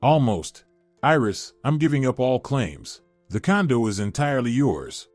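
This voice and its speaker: Man doing a guilty husband in his thirties, pleading and broken, lively ups and downs. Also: mid-range voice, unhurried, no room sound, soft background music. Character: weak-willed thirties husband, tearful and remorseful.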